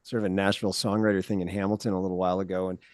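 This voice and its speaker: A man's voice: sits low, flat delivery, rapid-fire, a little mellow, no room sound, studio quality. A middle-aged man co-hosting a casual podcast interview, enthusiastic and self-deprecating, with a joking manner. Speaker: podcast co-host.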